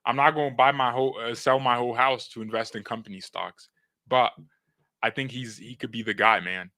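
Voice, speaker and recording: A man's voice: medium pitch, fairly even intonation, brisk, bright, forceful tone, dry recording. A young man hosting a fan live stream, joking in slang, talking to his chat and reading news aloud. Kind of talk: casual live-stream commentary.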